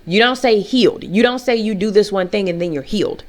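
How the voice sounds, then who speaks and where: A young woman vlogging, telling a personal story in a casual, animated way and jumping into high, mocking voices. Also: brisk.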